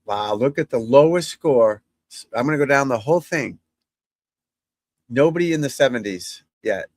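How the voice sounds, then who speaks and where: A man's voice: mid-range voice, expressive, moderate pace, darkish tone, no echo, poor audio. A man who works as a golf instructor, chatting casually and rambling to his viewers from a room at home and breaking off now and then to talk to his dog. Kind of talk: casual live chat to viewers.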